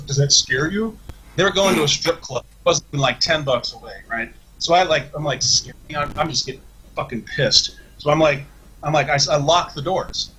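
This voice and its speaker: A man's voice: on the high side, bright, forceful tone, slightly rough, low-quality recording. A man, a podcast guest, telling a long, profane story in a rambling, casual way, with many restarts.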